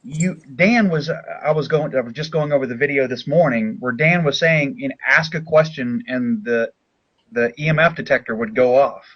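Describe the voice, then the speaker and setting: A man's voice: medium pitch, moderate pace. A man speaking as a paranormal investigator guest in casual chat, chatty and laughing between phrases. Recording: dull lo-fi sound.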